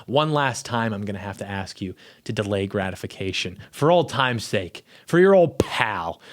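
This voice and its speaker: A man's voice: mid-range voice, big pitch swings, normal speed, few pauses. A young adult man, a YouTube commentator, chatting casually and rambling to camera from his home studio, often cutting himself off mid-sentence. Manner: rambling, self-interrupting, offhand. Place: small home video studio.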